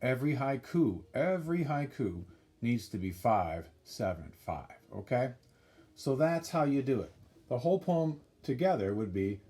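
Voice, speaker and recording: A man's voice: medium pitch, sing-song, measured pace, mellow. A man teaching a classroom lesson, patiently repeating points and counting things out step by step.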